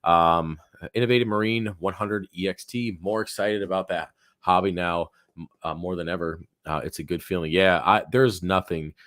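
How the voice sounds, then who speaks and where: A live Q&A stream from a home office features a deep-voiced man whose hoarse voice is fading as he rambles casually with fillers and restarts. He speaks at normal speed with a slightly bright tone, and the recording is dry and close with no room sound.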